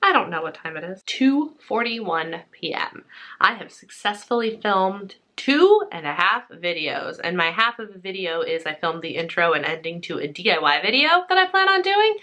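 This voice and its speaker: Young woman rambling thru her day on camera, bright tense voice, chatty, bit breathless. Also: fairly low pitch, big pitch swings, moderate pace. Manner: chatty and upbeat, lots of fillers. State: slightly out of breath. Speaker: vlogger. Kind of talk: casual vlog chat.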